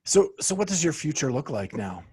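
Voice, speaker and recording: A middle-aged man hosting a podcast, asking friendly questions in a relaxed, laughing way. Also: a little high, brisk, breathy edge. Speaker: podcast host. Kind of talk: casual interview.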